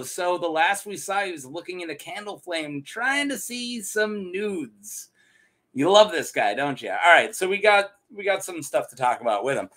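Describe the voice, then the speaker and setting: A man with a fairly high voice that swoops up and down all over the place. He retells fantasy lore in a casual, joking way and often laughs at his own asides, like a host chatting to his regular viewers. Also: lively intonation, normal speed, sharp tone.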